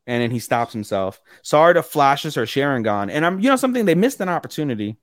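A man co-hosting a podcast, casually recapping episodes in an animated way, acting out characters' lines and swearing freely. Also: on the high side, fast, no echo, clean studio sound. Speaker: podcast co-host.

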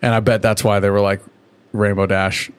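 A man's voice: on the low side, little pitch movement, normal speed, clean tone. A man co-hosting a podcast in casual chat, swearing freely and acting out characters in raised voices. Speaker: podcast co-host.

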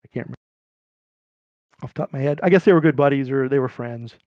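A middle-aged man from California casually telling a long, rambling story, his voice jumping up high when he quotes people. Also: fast, dry recording, highs cut off. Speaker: podcast guest.

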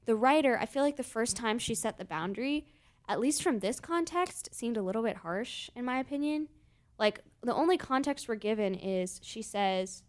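Chatty young woman co-hosting a podcast. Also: fairly high pitch. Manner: chatty, opinionated. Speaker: podcast co-host. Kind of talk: casual chat, reading stories aloud.

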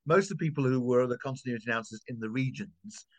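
Fast, eager interviewer, a man. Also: medium pitch. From Yorkshire, England. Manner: enthusiastic, rambling with restarts. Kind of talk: conversational interview.

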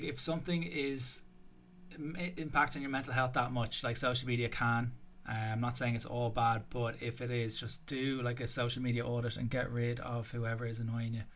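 A man's voice: mid-range voice, a bit bright, slight background noise. An Irish man hosting a fitness podcast, talking bluntly and casually, with the odd swear. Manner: blunt and sweary, level delivery. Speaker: podcast host.

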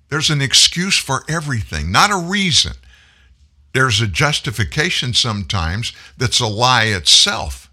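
A man's voice: mid-range voice, creaky, pushed and bright, husky. A man hosting a talk show, delivering a folksy, emphatic political commentary monologue. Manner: folksy, emphatic, preachy, addresses listeners as folks.

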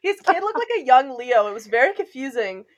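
Rambling young woman, slightly high. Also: big pitch swings, a little fast. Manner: laid-back, rambling recounting with fillers. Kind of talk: casual chat.

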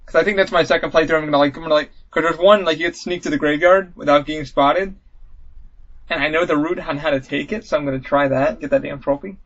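A fairly high-voiced man hosting a podcast, chatting casually and excitably and swearing freely. He breaks into yelps as he acts out scenes. The audio is dull and lo-fi. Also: fast. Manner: excitable, swears a lot, acts out game moments in loud yelps. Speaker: podcast host. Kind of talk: casual chat.

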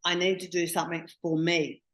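A woman, a coach telling client stories in a chatty, animated interview. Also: on the low side, brisk, rough recording. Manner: chatty, animated storyteller with frequent "you know". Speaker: intimacy coach guest. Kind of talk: casual storytelling interview.

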